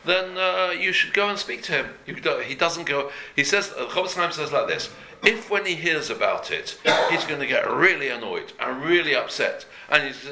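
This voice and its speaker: A man's voice: fairly high pitch, animated, moderate pace, vocal fry, pushed and bright, slight background noise. A man teaching a daily Jewish law class in an earnest, conversational way, repeating and rephrasing each point as he explains it. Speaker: Torah teacher. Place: room before a talk.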